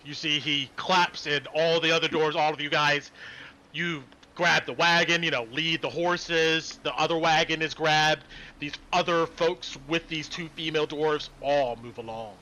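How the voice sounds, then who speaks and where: A man running a tabletop game as game master, narrating scenes in an animated, descriptive way. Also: on the high side, a little slow.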